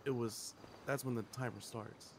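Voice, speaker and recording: A man's voice: mid-range voice, fairly even intonation, moderate pace, vocal fry, slight background noise. A man talking in character over voice chat, a little under the weather, thinking aloud as he skims documents.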